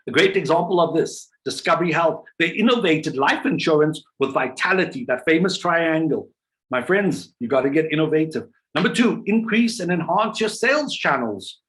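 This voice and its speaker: Energetic business coach, man. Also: on the high side. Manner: energetic, rhetorical questions, playful voices for quoted people. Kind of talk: motivational business talk.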